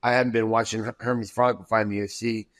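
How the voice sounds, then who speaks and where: A man with a voice pitched a little low tells a story casually as a podcast guest. He swears freely and acts out what others said, stumbling over repeated words as he goes. His delivery is loose, streetwise and conversational. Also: flat delivery, fast talker, a bit bright. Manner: profane, acts out quoted dialogue with many restarts.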